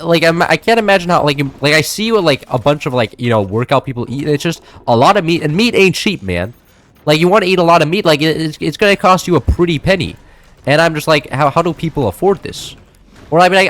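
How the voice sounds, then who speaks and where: A young American man with a voice on the high side streams a game and chats casually with viewers while he plays. His talk rambles, packed with filler, and keeps starting over.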